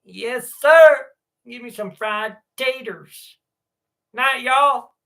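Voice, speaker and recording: A man's voice: very high-pitched, very slow, a bit bright, voice pushed up, full character voice. A man voicing a folksy, rowdy Southern country man in an exaggerated mock Southern American accent, hollering now and then. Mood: hammy. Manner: exaggerated drawl with hollered exclamations.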